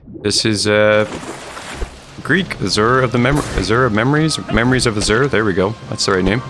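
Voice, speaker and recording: A man with a lowish voice streams a video game at a moderate pace, rambling casually and chatting with his viewers as he plays. The background is noisy, with video game music running under his voice in this casual gaming commentary.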